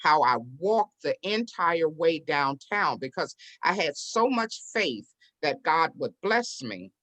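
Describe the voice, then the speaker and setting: This woman, an interview guest who invests in real estate and owns a business, narrates her story slowly with lively energy. Her voice is a little low for a woman, and she slips into the voices of the people she quotes.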